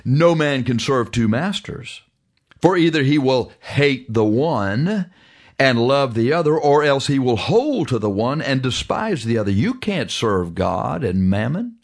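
A man preaching a broadcast sermon, reading scripture aloud and driving points home, stretching words out slowly, then rushing ahead. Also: mid-range voice, sing-song. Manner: emphatic, drawn-out preaching with sudden fast stretches; reads scripture in old-fashioned wording.

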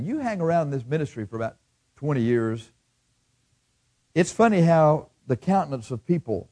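Preaching with a voice that's a little high, this middle-aged pastor alternates loud outbursts with quiet asides. Along the way he imitates how his listeners would talk.

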